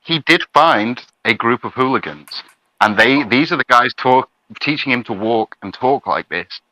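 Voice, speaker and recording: Bright, crisp, mocking male co-host. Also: medium pitch, expressive, normal speed, dry recording, rough recording. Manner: crude, mocking, conversational. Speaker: podcast co-host. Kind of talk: casual commentary.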